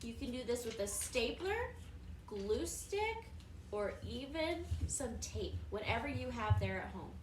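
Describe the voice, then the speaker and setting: A woman teaching preschoolers in a high, bright voice, taking her time over every phrase. She keeps it sing-song and encouraging, like she is speaking to a room of three-year-olds. A faint hiss sits under her voice. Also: big pitch swings, unhurried, echoey room. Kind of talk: recorded lesson for young children.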